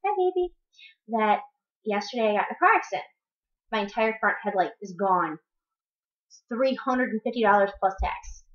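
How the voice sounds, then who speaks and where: A woman's voice: mid-range voice, moderate pace, pauses often. A young woman in her twenties ranting bluntly in a vlog monologue, swearing and repeating words for emphasis, at home with her child nearby. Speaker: vlogger. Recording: muffled echoey room recording.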